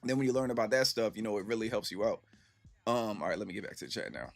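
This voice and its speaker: A man's voice: lowish voice, fast, creaky, no room sound, faint music behind. A man in his thirties streaming and answering his chat in a rambling, slangy storytelling way full of fillers. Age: 30s. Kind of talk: casual livestream chat.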